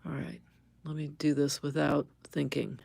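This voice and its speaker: A woman's voice: deep voice, little pitch movement, normal speed, creaky, mellow, dry recording. A middle-aged woman teaching embroidery on a live stream, thinking aloud as she stitches, correcting herself and chatting with viewers.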